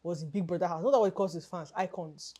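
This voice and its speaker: A woman's voice: on the low side, steady tone, fast talker, dark tone. Chatty young woman podcast co-host. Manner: rambling storytelling, frequent laughs and self-corrections. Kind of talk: casual chat.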